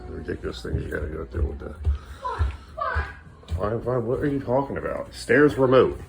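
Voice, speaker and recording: A man's voice: deep voice, animated, moderate pace, creaky, over loud music. A middle-aged man vlogging at home as a father, coaxing and scolding his kids in casual talk.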